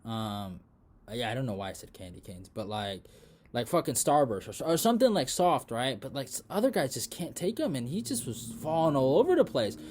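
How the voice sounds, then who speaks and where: Young man, casual fight recap vlog, rambling, lots of fillers, swears, mumbled asides, loud excited bursts. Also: mid-range voice, brisk. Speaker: MMA predictions channel host.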